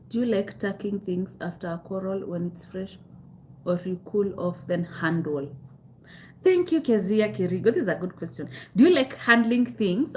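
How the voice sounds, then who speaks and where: A woman's voice: medium pitch, darkish tone, a little hiss or hum. A young Kenyan woman hosting a live self-help stream, answering viewers' comments candidly and repeating her advice, with Swahili phrases mixed in.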